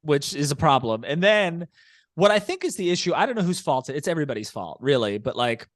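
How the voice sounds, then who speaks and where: A man's voice: fairly high pitch, expressive, fairly quick, no echo. A man co-hosting a podcast, his voice sitting a little above the usual male range. He talks at length and picks apart what went wrong, point by point. The sound is dry and close, with no room around it. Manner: talkative, analytical, long explanations. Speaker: podcast co-host. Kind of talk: casual chat.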